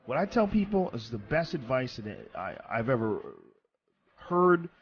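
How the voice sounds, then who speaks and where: A man's voice: mid-range voice, big pitch swings, measured pace, a little hiss or hum. A man hosting a podcast, giving blunt, emphatic advice with casual swearing. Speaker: podcast host. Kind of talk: casual chat. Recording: slightly dull sound.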